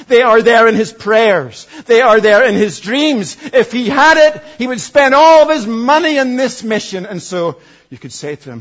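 A man in his forties preaching a sermon as pastor, earnest, dropping from loud emphasis to hushed asides. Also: extremely high pitch, very animated, a little slow, lo-fi sound. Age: 40s.

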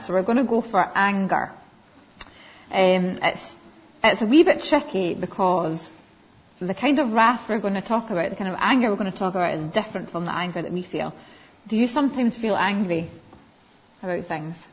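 Woman, Sunday school teacher, gentle questioning tone, medium pitch, muffled lo-fi recording. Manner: gentle, asks children questions by name. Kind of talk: children's Bible lesson. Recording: slightly dull lo-fi recording.

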